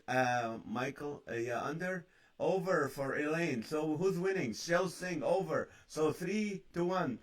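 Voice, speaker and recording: A man hosting a casual live-stream chat, joking, greeting viewers by name and reading out their comments. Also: fairly high pitch. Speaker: host of a live stream show.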